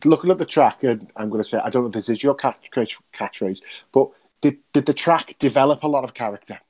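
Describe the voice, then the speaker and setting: A man's voice: mid-range voice, fast talker, a little mellow. A man hosting a casual chat, asking loose, rambling questions with restarts. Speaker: host.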